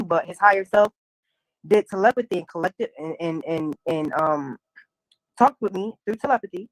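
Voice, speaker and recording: A woman telling a long personal story in a loose, animated way, slipping into slang and acting out what others said. Her voice sits in an ordinary middle pitch. It is recorded close and dry, with no room sound. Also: dry recording, rough recording. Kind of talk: casual spiritual chat.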